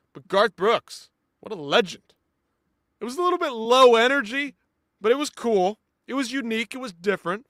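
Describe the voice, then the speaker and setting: Man, live fight-show host, casual commentary, fairly high voice, very dry sound, animated. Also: dry recording. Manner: animated, swings from loud outbursts to quiet asides; chatty, talks straight to viewers.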